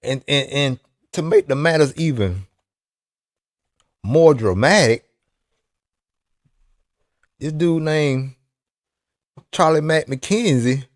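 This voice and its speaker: A man's voice: a little high, expressive, slow pace, long pauses, dry recording, clean studio sound. A man talking loosely and teasingly in a casual chat about RC racing, with plenty of restarts. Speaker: RC racing vlogger.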